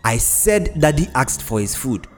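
A man's voice: medium pitch, very animated, a little slow, soft background music. A man doing a defiant teenage witch girl. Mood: sullen.

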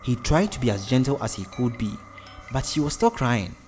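Male narrator reading a story, steady and even, faint music behind. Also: medium pitch, moderate pace.

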